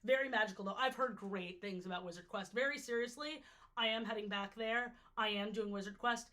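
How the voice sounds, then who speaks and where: A woman's voice: mid-range voice, brisk, sharp tone. A young woman from New York chatting casually on a livestream, jokey and easily sidetracked, her voice a little worn out. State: slightly worn-out voice. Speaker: streamer ranking water parks.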